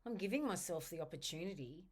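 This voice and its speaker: An Australian woman with a low voice leads a self-help tapping routine, reading a guided tapping script aloud. She speaks slowly in the first person, repeating steady affirmations over and over.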